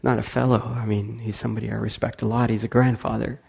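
Brief: male speaker, gravelly and husky, animated storyteller. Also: lowish voice, fast. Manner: animated storyteller acting out quotes. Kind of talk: storytelling talk.

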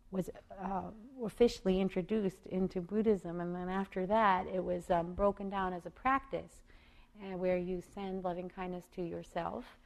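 A woman meditation teacher giving a gentle, reflective talk on loving-kindness practice, thinking aloud as she explains. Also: fairly low pitch.

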